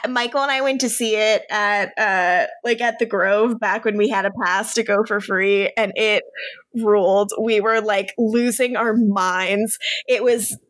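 A woman co-hosting a casual chat, retelling scenes in a lively, giggly way and acting out the characters' lines. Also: mid-range voice, measured pace, no room sound, studio quality. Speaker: podcast co-host recapping a TV episode.

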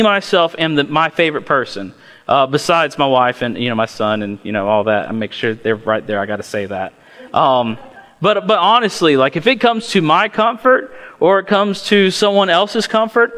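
A man's voice: a little high, fairly bright tone. A young man from north Florida preaching a sermon as pastor, emphatic and folksy, tossing out rhetorical questions. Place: church sanctuary. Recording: long church reverb.

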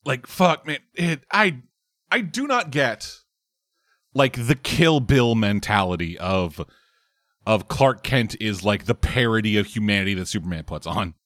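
A man's voice: fairly low pitch, expressive, unhurried, a bit bright, no room sound, clean studio sound. A man in casual chat about films, emphatic, swearing freely and stammering as he builds a point.

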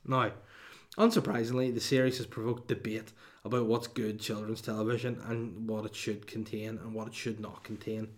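A man's voice: fairly low pitch, steady tone, moderate pace. A man, hosting a comedy podcast in a rambling, sweary monologue with mock outrage and lots of restarts.

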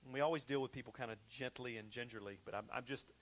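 A man delivers a sermon in a casual, talky way, his voice sitting at an everyday middle pitch. He repeats and restarts his phrases, then pushes loud for emphasis and sinks to near-hushed tones for the serious moments. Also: quick pace. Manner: conversational preaching with repetitions, swinging from loud to hushed. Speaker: pastor.

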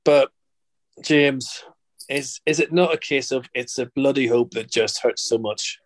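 A man's voice: mid-range voice, measured pace. A man with a Belfast accent hosting a casual football podcast, chatty and rambling, cracking jokes. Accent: Northern Irish, Belfast. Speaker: podcast host.

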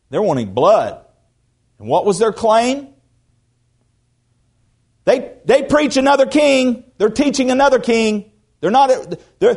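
A pastor with a fairly high male voice delivers a conversational sermon, repeating words as he goes. He swings between quiet asides and loud, emphatic passages.

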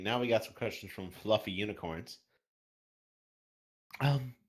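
A man's voice: mid-range voice, a bit bright. A man hosting a casual podcast interview, reading out listener questions and trying silly voices. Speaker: podcast host.

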